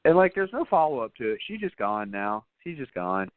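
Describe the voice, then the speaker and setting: A man hosting a casual podcast, rambling loosely through a movie recap with plenty of fillers and swearing. His voice sits at an ordinary middle pitch. The sound is squeezed and tinny, like a phone line. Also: big pitch swings, fairly quick, over a noisy crowd. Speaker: podcast host.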